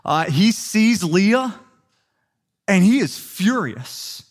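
A young adult man preaching a sermon, telling a story with lively quick asides. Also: sits high. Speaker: pastor.

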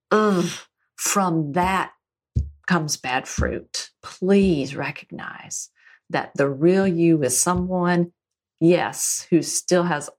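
Slow, low-voiced woman speaking reassuringly. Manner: slow, tender and reassuring, lingers on key phrases. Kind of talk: reflective spiritual conversation.

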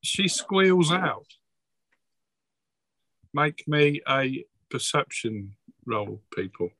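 A man's voice: mid-range voice, big pitch swings, drawn-out words, sharp tone. A man acting as game master for a tabletop game over a voice call, talking casually with plenty of hesitations. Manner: casual, hesitant, full of ums. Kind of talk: running a tabletop game online. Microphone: home mic on a voice call.

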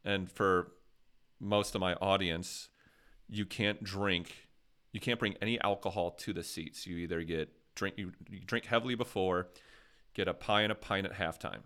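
Low-voiced American man telling rambling stories. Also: steady tone, moderate pace, bright, forceful tone, smooth. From USA. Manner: rambling storyteller, jokey. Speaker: podcast host. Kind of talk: casual chat.

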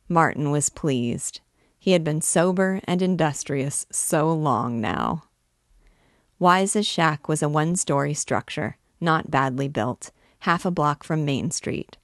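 A woman reading a novel aloud as a literature teacher, in a steady, expressive way. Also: low voice, no room sound, clean studio sound.

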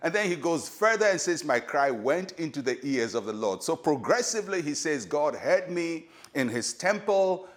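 Older Ghanaian pastor, measured and emphatic. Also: male voice, a little high, big pitch swings. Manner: measured, emphatic preaching that slows for key lines and leads prayer. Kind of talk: short devotional sermon.

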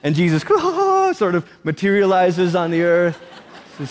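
Animated preacher in an echoing hall. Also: male voice, sits high, a little slow. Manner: animated, jokey asides, puts on voices for quotes. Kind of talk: sermon. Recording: long reverb.

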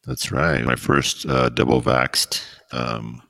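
Very deep gravelly man. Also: little pitch movement, slow, fairly bright tone, no echo, clean studio sound. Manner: rambling, joking, easily sidetracked. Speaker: podcast host. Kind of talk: casual chat.

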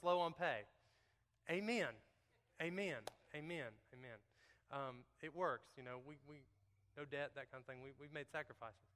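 A man's voice: fairly high pitch, a bit bright, clean tone. A man giving a folksy, joking testimony to a church congregation, talking straight to the crowd. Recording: long hall reverb.

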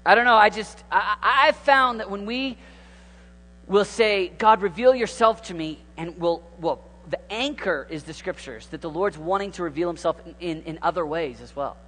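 A high-voiced man in his thirties preaches in a loose, conversational way. He rambles, drops to hushed asides and then jumps up into excited exclamations. His voice rings out with a long reverb. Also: normal speed. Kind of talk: informal sermon.

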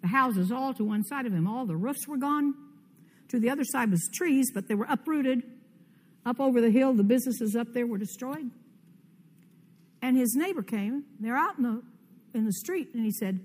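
An older woman preaching a conference sermon, fervent and commanding, with sudden loud rises in her declarations. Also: a little high, lively intonation, moderate pace. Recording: long hall reverb.

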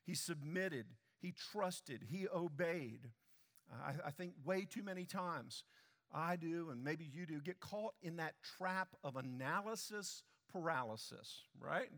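A man's voice: a little high, animated, measured pace, a bit bright, long reverb tail. A man preaching a sermon in a church, speaking emphatically and putting questions straight to the congregation. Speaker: pastor. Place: church sanctuary.

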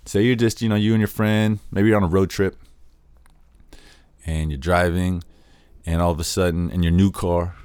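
Low-voiced man explaining casually. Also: darkish tone, no echo. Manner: conversational, acts out quoted examples. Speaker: podcast host.

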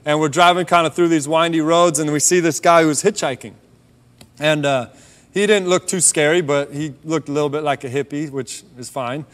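A man's voice: on the high side, normal speed. Man preaching in a reverberant hall. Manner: relaxed storytelling, drops softer on key points. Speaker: preacher sharing a testimony. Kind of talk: conversational sermon testimony.

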